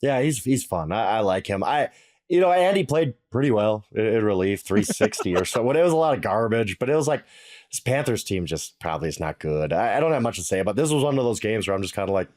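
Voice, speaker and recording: A middle-aged man co-hosting a casual sports analysis chat, emphatic and exasperated, thinking out loud. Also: fairly low pitch, sing-song, fast talker.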